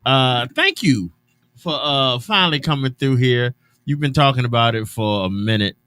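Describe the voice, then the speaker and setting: A man hosting an afternoon radio show in casual talk, loose and chatty with drawn-out hesitations and restarts. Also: medium pitch, lively intonation, bright, forceful tone, clear, resonant tone, no room sound. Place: radio studio.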